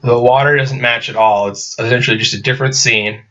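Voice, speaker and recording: Male reviewer, sarcastic and rambling with restarts; bright, forceful voice on a muffled recording. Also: medium pitch, steady tone, a little fast. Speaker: movie reviewer. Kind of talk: casual video review.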